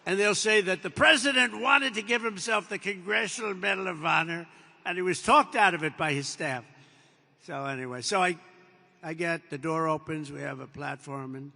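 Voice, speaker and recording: A man's voice: sits high, normal speed, gravelly, pushed and bright. An older man giving a rambling speech as president, digressing and repeating himself, acting out bits of dialogue in an anecdote. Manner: digressive, repetitive, with acted-out quotes. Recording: long reverb of a large hall.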